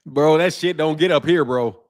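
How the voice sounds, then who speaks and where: A man with a high voice hosts a boxing livestream and chats casually with his viewers. He is from Chicago and talks in loose, slang-heavy bursts. He laughs a lot and mimics the greetings of different cities. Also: a little slow, a little mellow. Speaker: boxing channel host.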